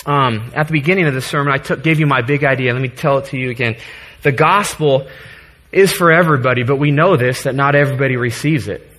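A man's voice: mid-range voice, fast talker, fairly bright tone. A man in his thirties preaching a sermon to his congregation in a church, earnest, joking at times and getting choked up. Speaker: pastor.

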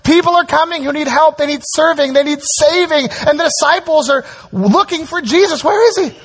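A man preaching a sermon as pastor, animated and conversational, with frequent asides to the congregation. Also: very high voice, a little fast.

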